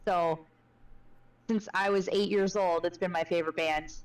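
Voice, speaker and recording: A woman's voice: fairly low pitch, fairly even intonation, moderate pace, recorded from a distance, poor audio. A woman in her twenties, a streamer guest on a podcast, chatting casually in a rambling way full of fillers and giggles. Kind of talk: casual chat.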